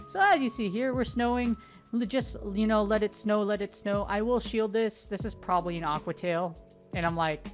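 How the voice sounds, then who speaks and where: A woman giving casual gameplay commentary, excitable and joking, swearing casually as she talks through her matches. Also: mid-range voice, normal speed, faint music behind. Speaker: gaming commentator.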